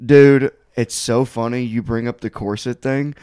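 A man hosting a podcast, telling crude stories in casual chat and laughing loudly. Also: mid-range voice, fairly even intonation, unhurried, clean tone. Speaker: podcast host.

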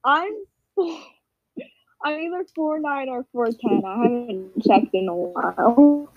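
A woman's voice: fairly high pitch, unhurried. A teenage girl casually telling a story to friends on a call, acting out quotes with lots of energy. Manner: animated, acts out quotes, frequent laughs. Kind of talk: casual group chat storytelling. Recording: dull, dry lo-fi call audio.

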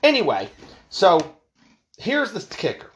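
A man's voice: high voice, slow, highs cut off. A man telling a rambling story in a casual rant, swearing freely and restarting sentences as he goes. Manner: animated, profane, rambling storytelling. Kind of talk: casual ranting monologue.

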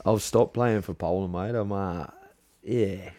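Australian male guest, lowish pitch, blunt swearing storyteller. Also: steady tone, a little slow, warm tone. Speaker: podcast guest, rugby league player. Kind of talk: casual chat.

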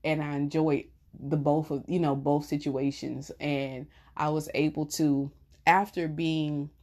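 A middle-aged woman chatting casually to viewers, telling stories with laughter. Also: low voice. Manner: chatty, warm storytelling with laughs. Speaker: vlogger.

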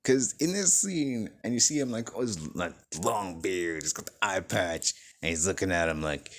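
Male reviewer host: low voice that swings wide, cursing and rambling with excitement. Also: moderate pace, few pauses. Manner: excitable, profane, full of "like" and "you know". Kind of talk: casual spoken movie review.

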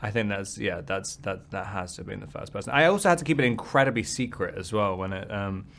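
A man with a British accent answering interview questions, thinking aloud with pauses and ums. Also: on the low side, animated, gravelly, fairly bright tone. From Britain. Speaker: interview guest, actor.

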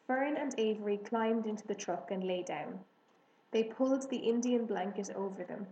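A woman narrating a children's storybook in a measured, gentle manner. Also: mid-range voice, muffled recording. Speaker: audiobook reader. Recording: roomy echo, faint hiss.

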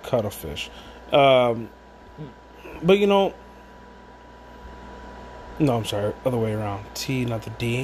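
A man's voice: mid-range voice, animated, a little slow, pauses often, darkish tone, slight background noise. A man at home rambling through a casual monologue with many restarts and asides while he drinks.

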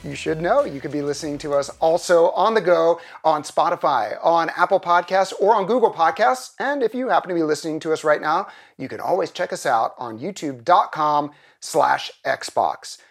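A man's voice: a little high, lively intonation, normal speed, gravelly, few pauses. A man with a Philadelphia accent hosting a podcast in casual chat, rambling and self-deprecating. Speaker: podcast host.

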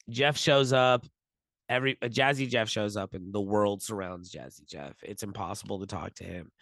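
A man's voice: mid-range voice, no room sound. Self-deprecating male podcast host. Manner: animated, self-deprecating storyteller. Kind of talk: casual storytelling chat.

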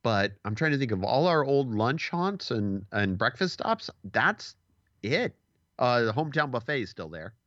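A man's voice: mid-range voice, moderate pace, no room sound, highs cut off. A man in his forties, a podcast host, telling a story in casual chat and acting out the quotes. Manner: animated storyteller, acts out quotes.

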